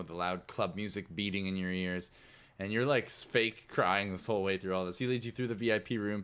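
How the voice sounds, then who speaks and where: A man's voice: sits low, fairly bright tone, smooth. A man narrating a tabletop game as game master in a casual, rambling way. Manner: casual, filler-heavy narration.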